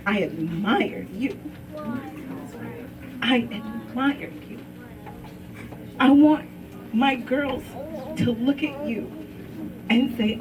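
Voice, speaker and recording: A woman's voice: on the high side, very slow, long pauses, background noise. A woman giving a heartfelt toast to her brother, tender and earnest. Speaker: sister giving a farewell toast. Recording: distant mic with party crowd.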